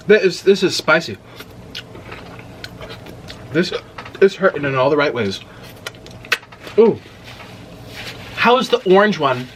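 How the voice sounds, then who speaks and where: A young man chatting through an eating vlog in a fairly high voice. His pitch swings widely, and he breaks into loud exclamations at each spicy bite. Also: slight background noise. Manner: animated, exclaims loudly at spicy food. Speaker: mukbang host. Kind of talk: casual eating vlog chat.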